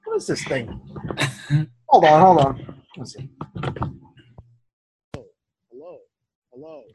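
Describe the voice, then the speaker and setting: A man's voice: fairly high pitch, huge pitch swings, slow, mellow, slight background noise, poor audio. A male podcast co-host in casual chat, easygoing while he sorts out his mic setup.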